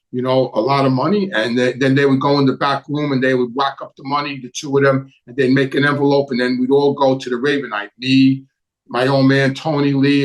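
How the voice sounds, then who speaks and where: A man's voice: mid-range voice, rough recording. A middle-aged man, hosting a casual live stream from his home, telling stories and answering viewer questions in a blunt, rambling way that repeats words. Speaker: host. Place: home with a Christmas tree.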